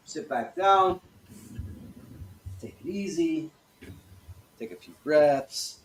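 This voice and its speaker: Slow and full of long pauses, a man with a slightly high voice walks learners through movement exercises in a loose, profane way, mimicking worry and whooping excitement. There's slight background noise, room echo, and he's speaking from off-mic.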